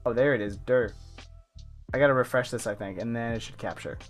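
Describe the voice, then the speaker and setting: Casting: young man, chatty art streamer, mid-pitched, rambling, filler-heavy, faint lo-fi music underneath. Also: a little fast. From United States. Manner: chatty, rambling, many fillers, laughs often. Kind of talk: casual live-stream chat.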